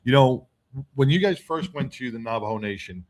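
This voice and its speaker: A man hosting a casual panel chat, talking in a halting way with frequent restarts and stammers. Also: medium pitch, animated, a crowd in the background. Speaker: host.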